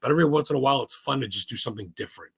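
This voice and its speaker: A man from Maine, a podcast guest, talking in a rambling, excitable way and swearing freely. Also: medium pitch, very fast, vocal fry, breathy edge. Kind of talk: casual interview chat.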